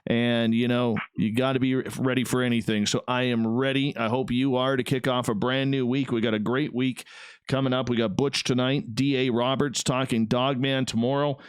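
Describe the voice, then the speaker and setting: An upbeat man hosts a live radio broadcast, greeting his chatters with bouncy pitch jumps. His voice is smooth and resonant, set close to a studio mic in a dry room. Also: flat delivery, moderate pace, no echo. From Canada. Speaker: radio show host.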